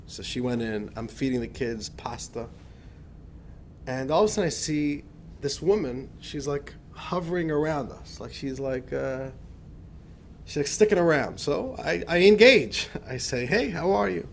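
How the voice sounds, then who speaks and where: Animated storytelling rabbi, man. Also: medium pitch, a little slow, a little hiss or hum. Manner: animated anecdotal storytelling with many restarts. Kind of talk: storytelling lecture.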